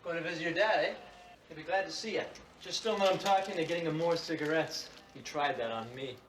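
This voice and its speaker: A man's voice: a little high, quick pace, fairly bright tone, slight background noise, lightly acted, rough recording. An actor playing an easygoing young adult male mechanic in a TV drama, who talks in a reassuring way. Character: young adult male mechanic, caring big-brother type. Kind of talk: scripted TV drama dialogue.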